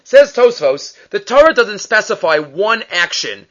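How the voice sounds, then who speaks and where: High-voiced man giving a Talmud lesson. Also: big pitch swings, a bit bright. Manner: quick, questioning, mixes Hebrew and Aramaic terms into English. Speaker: Torah teacher. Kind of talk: Talmud study lecture. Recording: dull lo-fi recording.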